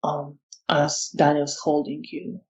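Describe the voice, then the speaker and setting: A storyteller narrating a vampire tabletop game in slow, descriptive lines with fillers. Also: medium pitch, flat delivery, creaky, dull audio.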